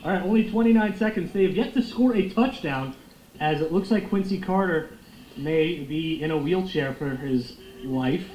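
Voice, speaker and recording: A young man giving loud, excitable, profane commentary while playing a football video game. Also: on the high side, moderate pace. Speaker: gaming streamer. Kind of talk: live gameplay commentary. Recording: echoey room with faint noise.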